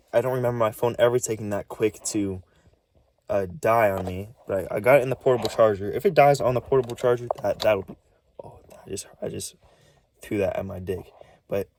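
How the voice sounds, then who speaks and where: A nervous man rambles into the camera in a lowish voice, stammering and restarting his words. His pitch swings up and down as he talks, and now and then he drops into a hushed whisper. It is a shaky, casual vlog delivery. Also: no room sound. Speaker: vlogger.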